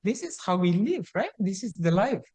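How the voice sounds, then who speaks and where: A man, a Buddhist monk, telling a teaching story in a sermon, slow and repetitive with hesitant restarts. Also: high voice, very animated, a little mellow, breathy edge.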